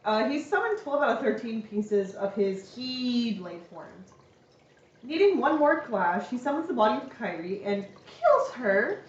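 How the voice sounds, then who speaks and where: A woman's voice: fairly high pitch, sing-song, unhurried. A young woman streamer casually recapping a game story at home, chatty and playful. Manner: chatty and playful, laughs often. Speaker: streamer giving a lecture. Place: home room. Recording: echoey room, distant dull mic.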